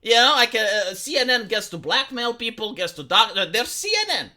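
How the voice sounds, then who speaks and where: A man's voice: high-pitched, expressive, fairly quick, pushed and bright. A man from Romania giving an opinionated political monologue to his viewers, ranting with frequent restarts. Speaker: political commentator streamer.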